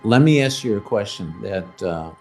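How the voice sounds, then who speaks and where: A man's voice: on the low side, animated, normal speed, soft background music. A man co-hosting a podcast as a doctor who deals with criminals, talking thoughtfully and emphatically, sometimes searching for words. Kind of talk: casual podcast discussion.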